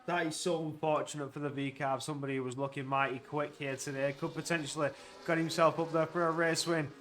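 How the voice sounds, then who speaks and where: A man giving live commentary on an online sim race, getting loud and excited at crashes and overtakes. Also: fairly high pitch, fairly quick.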